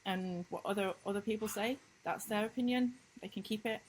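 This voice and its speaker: A woman business coach in a casual talking-head vlog, recapping lessons with emphatic enthusiasm and sudden upward leaps in pitch. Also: a little fast, a little mellow, slight background noise, low-quality recording. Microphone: computer screen-recording mic.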